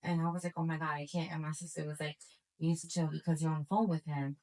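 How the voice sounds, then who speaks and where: A woman with a somewhat low voice co-hosts a relaxed podcast conversation. She tells her stories with energy and slips into other people's voices to quote them. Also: fast, rough recording. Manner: animated storyteller, acts out quotes. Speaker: podcast co-host. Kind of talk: casual chat.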